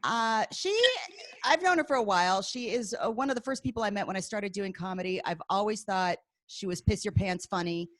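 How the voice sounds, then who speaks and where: A woman's voice: mid-range voice, brisk, no echo. Woman emceeing an online comedy show, hyped and laughy, dry sound. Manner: upbeat, loose, laughing between intros. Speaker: host. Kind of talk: hosting a comedy show over video call. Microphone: video call.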